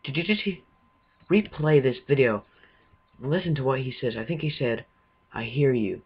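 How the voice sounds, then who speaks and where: A man's voice: medium pitch, expressive, moderate pace, breathy edge, lo-fi sound. A man giving jumpy, swearing running commentary while playing a video game. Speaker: gamer. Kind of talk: let's-play commentary.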